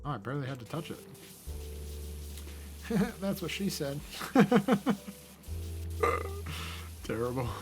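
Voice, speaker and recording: A young man hosting a gaming channel, rambling casually and cheerfully as he plays. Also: mid-range voice. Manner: rambling, chatty, easily amused. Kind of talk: casual let's-play commentary. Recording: game music playing underneath. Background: background game music.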